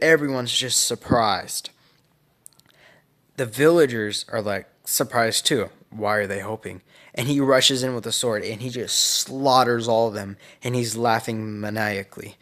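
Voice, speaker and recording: A man's voice: medium pitch, fairly even intonation, moderate pace, fairly bright tone. A young man casually narrating a fan-made story, speculative and rambling, often correcting himself.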